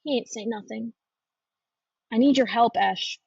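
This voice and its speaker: An earnest teenage boy, read by a woman, asks in a hushed and pleading tone. The voice has a gravelly, husky edge. It comes through a dull, lo-fi recording. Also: a little high, measured pace, dry recording, distant mic, exaggerated voice.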